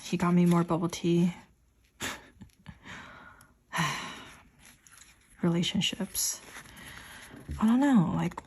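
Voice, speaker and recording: A woman's voice: fairly low pitch, darkish tone. Rambling young woman, constant "like"s. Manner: quotes her partner in a raised voice. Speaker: planner vlogger. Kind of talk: chatty voiceover while planning.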